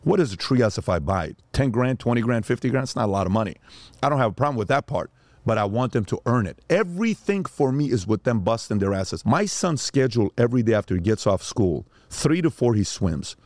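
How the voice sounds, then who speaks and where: A man's voice: mid-range voice, sing-song, a little fast, darkish tone, dry recording. A man, a father, telling stories as a podcast guest and acting out the voices of the people in them. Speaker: father of young sons. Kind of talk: animated storytelling.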